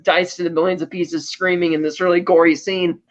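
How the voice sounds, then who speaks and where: High-voiced man recapping a film. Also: dull audio. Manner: animated storytelling with quick voiced asides. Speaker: podcast co-host.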